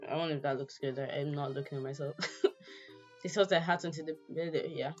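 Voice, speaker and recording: A woman with a fairly low voice reads a game's story aloud and drops in joking asides. The recording sounds dull and lo-fi, with faint music under her. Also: steady tone, fairly quick. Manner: playful asides with laughter. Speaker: gamer. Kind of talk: let's play, reading a visual novel aloud.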